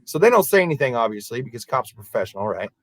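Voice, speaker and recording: A man, a podcast co-host, telling a story in a casual, animated way and acting out the people in it. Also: medium pitch, racing, no echo, rough recording. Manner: animated, acts out quoted voices.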